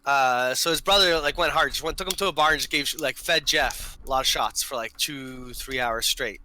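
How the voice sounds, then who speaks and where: A man hosting a casual live-stream chat, telling stories in a lively way and switching between Portuguese and English. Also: medium pitch, moderate pace, a little hiss or hum, poor audio. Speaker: podcast host.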